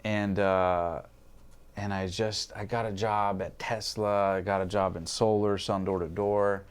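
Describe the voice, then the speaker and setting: A man's voice: fairly low pitch, little pitch movement, a little slow, smooth. A man in his twenties, a podcast guest, telling his personal story candidly, swearing freely and acting out his past thoughts. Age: 20s.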